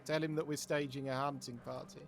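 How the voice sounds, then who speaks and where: A man's voice: on the high side, level tone, brisk, faint music behind. A man speaking in character as a lawman in a western role-play, organizing others and giving instructions.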